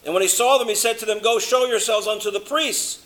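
A man preaching a sermon, swinging between loud emphasis and a low, hushed delivery, slowing down to stress words.

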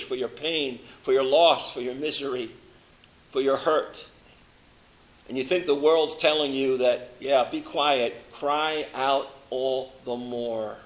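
A man preaching a sermon, swinging between loud emphasis and a low, hushed delivery, slowing down to stress words.

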